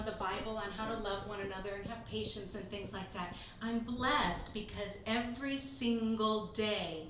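A woman teaching a Bible study, telling personal stories in a lively, laughing way. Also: mid-range voice. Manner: lively storytelling, laughing through anecdotes. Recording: echoey room from far off, noisy.

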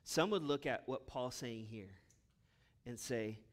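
A man preaching a sermon as a pastor, with impassioned delivery that swings between loud urgent bursts and hushed asides. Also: mid-range voice, slow.

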